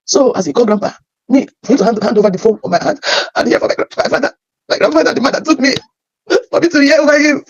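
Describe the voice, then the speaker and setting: A woman with a Nigerian accent telling her life story as emotional personal testimony, halting and often repeating her phrases. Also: a little high, expressive, darkish tone, muffled recording, a little hiss or hum.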